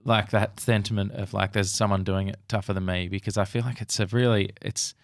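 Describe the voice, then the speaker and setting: A man's voice: fairly low pitch, level tone, brisk, vocal fry, no room sound, clean studio sound. A man co-hosting a podcast, reflecting aloud in loose, unfinished phrases. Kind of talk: conversational interview.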